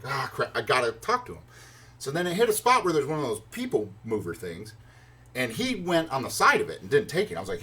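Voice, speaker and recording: A man telling a long personal story in a casual, rambling way, full of fillers and restarts, acting out his own reactions. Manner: excited, acts out his own reactions in higher pitch. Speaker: vlogger.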